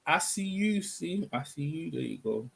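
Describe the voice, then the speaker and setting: A man's voice: fairly high pitch, lively intonation, normal speed, vocal fry, fairly bright tone, slightly rough. A man hosting a casual boxing live stream, rambling and chatting with his viewers. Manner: rambling, chatty, talks to viewers, self-corrections.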